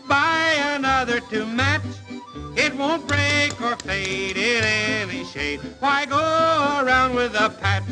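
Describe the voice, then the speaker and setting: An actor playing a jolly traveling spectacles salesman with a folksy fast patter, in a 1940s western film. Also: heavily acted, poor audio. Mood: singing. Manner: folksy fast-patter sales pitch, sings comic jingles. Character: jolly male huckster hawking spectacles, folksy and joking.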